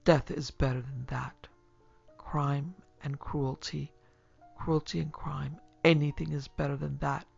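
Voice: mid-range voice, level tone, a little slow, vocal fry, darkish tone, breathy edge, dull audio, soft background music, heavily acted. A narrator voicing an anguished young man who gasps and groans, dropping into whispers. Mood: despairing. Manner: gasping, groaning, breaking into whispers.

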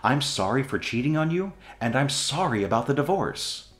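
Casting: a man doing a desperate apologetic ex, lively pitch, echoey room. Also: normal speed, soft background music. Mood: pleading. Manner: pleading, apologetic. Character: remorseful broke ex-husband pleading.

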